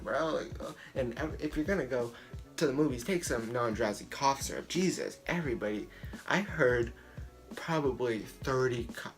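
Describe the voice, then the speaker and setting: A man rants through a movie review in a rambling, excitable way, swearing freely and restarting his sentences. His voice sits a little low. Faint music plays underneath. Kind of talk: casual profane rant.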